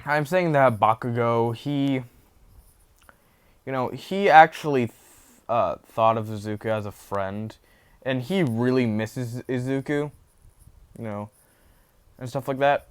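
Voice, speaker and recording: A man's voice: mid-range voice, measured pace, pauses often, clean tone. A man casually retelling a fan story off the cuff, rambling with many fillers and self-corrections.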